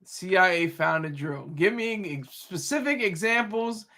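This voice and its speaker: A man with a high, bright voice talks loosely off the cuff as a stream host, answering his chat. His delivery halts often, doubling back on words and correcting himself mid-sentence. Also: animated. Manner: rambling, halting, frequent restarts and self-corrections. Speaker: livestream host reading chat. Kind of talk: casual rambling commentary.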